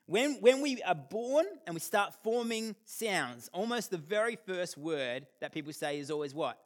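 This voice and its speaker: An Australian man in his thirties giving a storytelling talk to an audience, animated and self-deprecating, acting out the voices in his stories. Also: high voice, moderate pace. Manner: animated, self-deprecating humour with acted-out quotes. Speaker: speaker.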